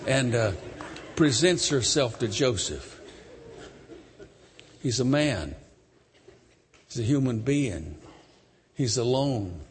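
A man preaching a sermon, retelling a story dramatically, emphatic and swinging between loud and soft. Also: mid-range voice, animated, slow, long pauses, a little hiss or hum. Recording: long hall reverb.

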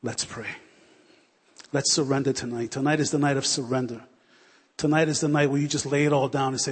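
A man's voice: medium pitch, fairly even intonation, fairly quick, long pauses, breathy edge. A man in his forties preaching a sermon with fervor, repeating phrases as he builds toward prayer in a church hall. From United States. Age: 40s. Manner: fervent, repetitive, building to prayer. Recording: long reverb of a hall.

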